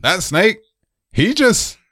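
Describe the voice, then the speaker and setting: Animated man joking about a film. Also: high-pitched, slow pace, no room sound. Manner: animated, jokey, laughs a lot. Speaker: podcast co-host. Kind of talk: casual film discussion.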